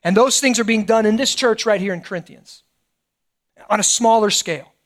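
A middle-aged pastor preaching a sermon in a conversational way, often checking in with the congregation. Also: male voice, high voice, moderate pace. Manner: conversational preaching, frequent "right?" asides.

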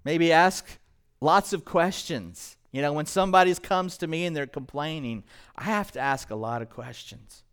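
Guy pastor preaching in church, kinda high voice, smooth and clear, fires questions at the crowd. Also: normal speed. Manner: animated, quizzes the congregation with questions. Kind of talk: sermon. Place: church, in front of a congregation.

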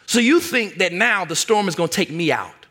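A man's voice: sits high, expressive, normal speed, bright, forceful tone, full character voice. A man preaching, voicing an exasperated male teacher who rebukes his frightened followers with incredulous questions.

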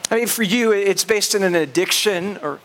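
A man, a pastor, telling a personal story in a sermon and acting out his own thoughts with animated energy. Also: high-pitched, moderate pace.

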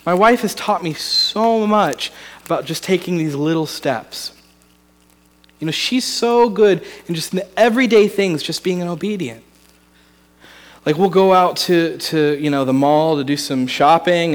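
A man's voice: on the high side, big-room sound. Earnest man preaching a sermon. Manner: earnest and conversational, with frequent restarts. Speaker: pastor.

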